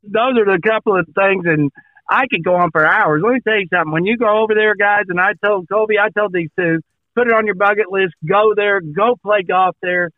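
High-voiced man telling a story, phone-thin sound. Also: a little fast, no echo. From Oklahoma. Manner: animated anecdote-telling, acts out dialogue. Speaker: golf podcast co-host. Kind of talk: casual storytelling. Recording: dry, phone-like narrow sound.

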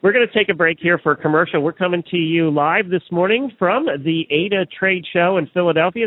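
A chatty man hosts a live radio interview, slightly higher-pitched than most men. His talk is loose and joking, full of "uh"s. The sound is dry and narrow like a phone line. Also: slightly rough, dry recording. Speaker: radio show host. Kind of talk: live trade-show interview and ad read.

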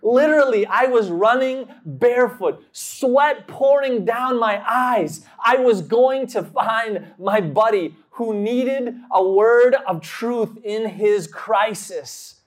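A man preaching a sermon, telling a personal story slowly and dramatically, acting out quotes and breaking into sudden loud bursts. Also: extremely high pitch.

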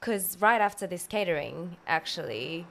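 A woman co-hosting a podcast, telling a story in a relaxed, easygoing way. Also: on the low side, normal speed, gravelly. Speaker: podcast co-host, caterer. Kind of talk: casual chat.

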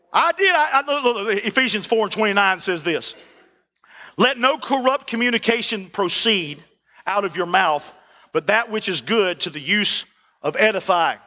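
A man preaching a sermon as the pastor, folksy and animated, repeating "listen" and asking for "amen". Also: high-pitched.

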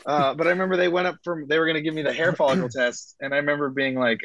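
A man's voice: on the high side, steady tone, rapid-fire, fairly bright tone, dry recording, lo-fi sound. A man, a comedian guest on a podcast, rambling through casual anecdotes and acting out what people said. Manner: rambling anecdotes with acted-out quotes.

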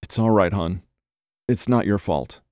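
A man's voice: on the low side, a little slow, a little mellow, dry recording, studio quality, natural voice. A man voicing a grieving, broken man who mumbles in a near whisper. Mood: hushed.

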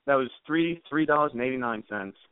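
A man's voice: medium pitch, clean tone. Male guest, hesitant casual talker, phone-line sound, no room echo. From New Jersey. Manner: halting, many fillers and restarts. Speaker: podcast guest. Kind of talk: casual chat. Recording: tinny phone-like sound, dry.

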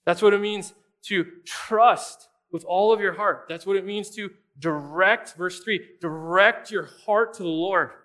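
A pastor with a high, slightly bright voice preaches a sermon in a conversational way. He poses rhetorical questions to the congregation and tosses in quick asides.

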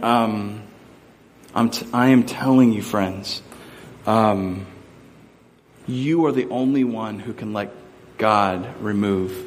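A man's voice: mid-range voice, in a large hall, a little hiss or hum. A male pastor giving a conversational sermon, mixing scripture with personal stories.

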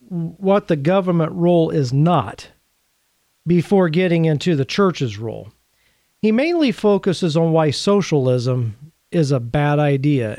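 This man, whose voice sits on the high side with a darkish tone, delivers a Catholic teaching series directly to camera. His manner is earnest and conversational, broken up by dry, sarcastic asides, and the recording is dry.

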